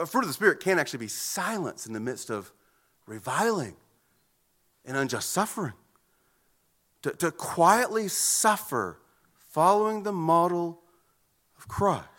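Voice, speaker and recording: A man's voice: a little high, big pitch swings, unhurried, pauses often, fairly bright tone. A man preaching a sermon in an earnest way, often repeating words as he goes. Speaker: pastor.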